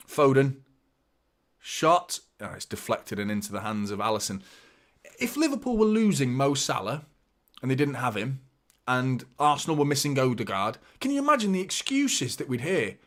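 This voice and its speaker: A man hosting a live football watchalong, giving fan commentary and chatting to viewers, excitable and prone to swearing. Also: medium pitch, normal speed. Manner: chatty, addresses viewers as mate. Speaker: watchalong host. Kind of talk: live match commentary and chat.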